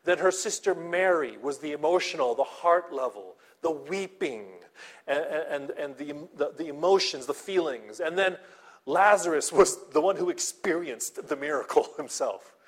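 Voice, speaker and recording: A male pastor with a slightly high voice and lively intonation preaches a sermon conversationally at normal speed. He often checks in with listeners using "okay?" and "right?", repeats and restarts words, and laughs lightly.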